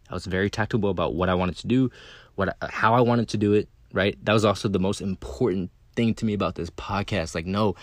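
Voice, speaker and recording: A man's voice: on the low side, no echo. A man hosting a podcast, talking casually and bluntly, swearing freely and often tacking on "right?" and "again". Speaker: podcast host. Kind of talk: casual monologue.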